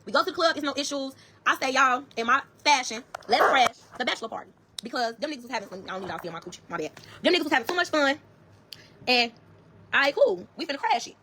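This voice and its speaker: Against slight background noise, a woman speaks quickly in a high-pitched voice with a Chicago accent. She tells viewers a story bluntly and with profanity, performing the dialogue in a lively retelling.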